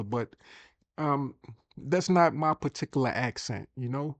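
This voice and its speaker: A man's voice: medium pitch, a little slow, dry recording. A man hosting a casual screen-share tutorial, chatty and thinking aloud as he repeats himself. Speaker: host.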